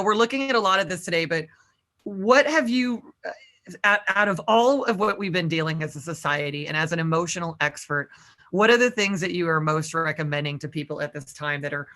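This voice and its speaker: A woman hosting an interview, asking questions in a halting way, with many fillers. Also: lowish voice, a bit bright. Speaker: host and interviewer.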